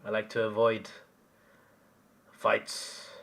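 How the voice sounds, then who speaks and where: A man's voice: lowish voice, completely flat delivery, slow, creaky, fairly bright tone. A man hosting a live stream, chatting casually and answering chat comments as he rambles.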